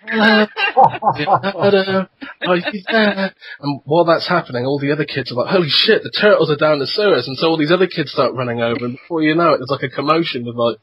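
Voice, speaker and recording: A man's voice: mid-range voice, breathy edge. A young adult man hosting a podcast, rambling through profane stories in casual chat. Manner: rambling and profane, tells anecdotes. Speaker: podcast host. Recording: dull lo-fi podcast recording.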